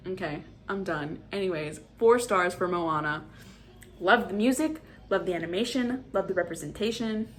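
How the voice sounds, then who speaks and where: A woman in her twenties giving a casual, animated movie review as a vlogger, ranting with exasperation. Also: fairly low pitch, moderate pace. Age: 20s.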